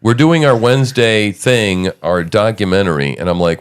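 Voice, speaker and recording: A man's voice: deep voice, normal speed, hardly any pauses, clean tone. A man hosting a podcast, talking in casual, profane, joking commentary. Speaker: podcast host.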